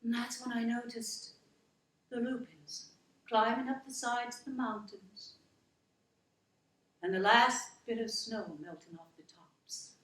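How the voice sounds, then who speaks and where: A woman's voice: fairly high pitch, fairly even intonation, a bit bright, reverberant, rough recording. An actress playing a down-to-earth working wife who finally stands up for herself, telling her story in an earnest, emotional monologue. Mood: calming. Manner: slow, emotional, earnest retelling.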